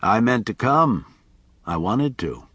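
A man voicing an elegant, silver-haired older man who speaks calmly and kindly. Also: lowish voice, slow pace, breathy edge, dry recording, exaggerated voice. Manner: calm, gently explaining.

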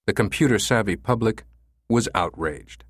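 A man reading a novel aloud as an audiobook narrator, with a steady, measured storytelling delivery. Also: fairly low pitch, no echo, studio quality. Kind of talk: scripted narration.

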